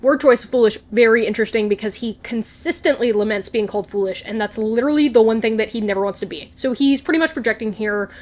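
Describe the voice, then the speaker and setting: A woman's voice: a little high, fast, few pauses. A young woman vlogger chatting casually and gushing as she recaps a TV episode, slipping into quoted lines. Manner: gushing, animated, quotes characters in voices.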